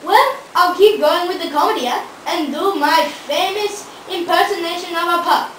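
A woman's voice: extremely high pitch, moderate pace, fairly bright tone, recorded from a distance. A young woman voicing a goofy, vain female seal who hosts a homemade comedy show, hammy and pleased with her own jokes. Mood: boastful. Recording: echoey room, faint hiss, off-mic.

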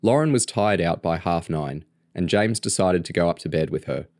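A man narrating a novel aloud in a steady, even reading voice. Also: deep voice, moderate pace, no room sound, clean studio sound. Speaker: audiobook reader. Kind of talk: storybook narration.

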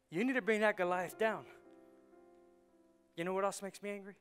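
A man, a pastor, preaching a sermon with rhetorical questions that build to shouting. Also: high-pitched, lively intonation, normal speed, pauses often, soft background music.

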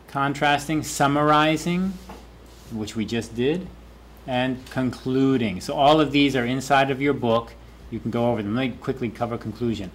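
A man's voice: mid-range voice, a little hiss or hum. A man who is a university professor, giving a classroom lecture and repeating key phrases for students to echo.

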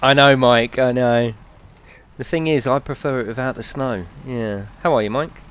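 A man's voice: mid-range voice, moderate pace, a little hiss or hum. A man live-streaming a video game, chatting playfully with his viewers, reading their messages aloud and laughing often.

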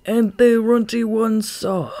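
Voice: medium pitch, steady tone, slow, dark tone, no echo, voice pushed up. A reader voicing a dim, nervous bat henchman. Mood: guilty. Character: dim, anxious male giant bat henchman. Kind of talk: audiobook character voice.

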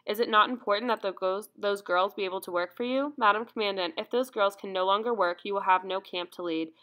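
A woman voicing a gentle, brave young female doctor who speaks softly and calmly. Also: mid-range voice, fairly quick, lightly acted. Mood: calm, earnest. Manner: soft, calm, pleading.

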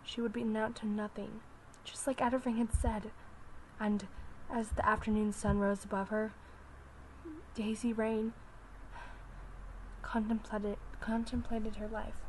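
Slow, halting young woman narrating a story. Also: fairly high pitch, level tone, a little hiss or hum, poor audio. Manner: slow, halting read with restarts, soft whispery asides.

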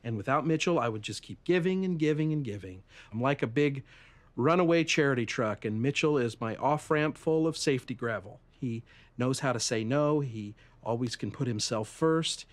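An actor playing a flamboyant, emotional, big-hearted gay dad in a sitcom, with dramatic delivery. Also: male voice, medium pitch, moderate pace, natural voice. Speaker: sitcom character. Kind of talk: sitcom acting.

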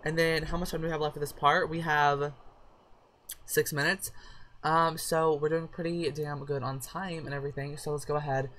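Bright-voiced excitable woman gamer. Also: deep voice, normal speed. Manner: chatty, excitable, swears freely, talks to the characters. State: sore throat and headache. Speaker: let's play gamer. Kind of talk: casual gameplay commentary.

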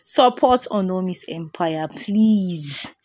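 A woman hosts a homemade DIY tutorial in a tired voice set a little low. She talks chattily and keeps pleading with viewers to support the channel. The sound is close and dry, with no room around it. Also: unhurried, no echo. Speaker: channel host, DIY formulator. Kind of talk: tutorial voice-over.

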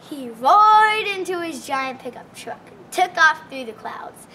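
A woman telling a children's tall tale in a lively, expressive, folksy way. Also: very high voice, a little slow, hardly any pauses, background noise. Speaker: storyteller. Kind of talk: animated storytelling for children.

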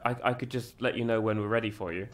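A man voicing a flustered, apologetic stage manager in a video game, polite and hurried. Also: fairly low pitch, steady tone, a bit bright, lightly acted.

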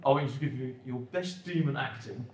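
A man's voice: medium pitch, fairly quick, a little hiss or hum. A man interviewing a cast at a convention in a playful, upbeat way. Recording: roomy, mic from a distance.

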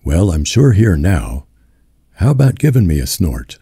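A man doing steady young farmhand Tom. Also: low-pitched, unhurried, creaky, breathy edge, no room sound, studio quality, full character voice. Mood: coaxing.

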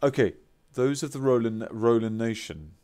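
A British man, a voice actor streaming a game, chatting excitedly with viewers and reading their messages aloud with playful theatrical outbursts. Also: medium pitch, moderate pace. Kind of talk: live-stream chat with viewers.

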